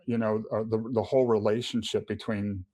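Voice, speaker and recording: A man's voice: lowish voice, level tone, brisk, dark tone, no echo. A middle-aged man giving a personal testimony in casual conversation, earnest, often restarting and repeating words. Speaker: podcast guest.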